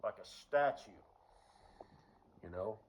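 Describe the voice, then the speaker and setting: A man's voice: fairly low pitch, lively intonation, slow pace, rough recording. A man rambling through a casual solo monologue, profane and full of fillers. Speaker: vlogger.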